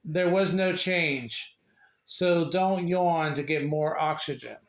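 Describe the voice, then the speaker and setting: Slow, halting man reading aloud. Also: fairly high pitch. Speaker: reader sharing a book. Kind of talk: casual read-aloud of a children's book. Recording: echoey room.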